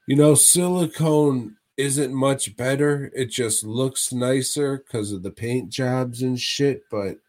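A man's voice: medium pitch, slow pace, few pauses, a little mellow. A man co-hosting a casual podcast, rambling with heavy swearing and frequent laughs. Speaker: podcast co-host.

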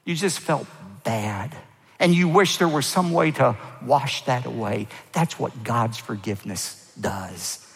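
A man preaching a sermon to his congregation, his voice carrying a gravelly edge. He leans hard on key words, lifting them high, then lets each phrase end sink low. A long reverb trails behind him in a large hall. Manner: emphatic preaching, rising for stress and dropping low at phrase ends. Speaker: pastor.

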